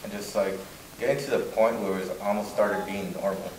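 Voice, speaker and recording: A man speaking at a veterans' panel, subdued and quiet as he answers. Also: sits low, fairly quick. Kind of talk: casual talk at a panel. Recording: echoey room, distant mic, steady noise.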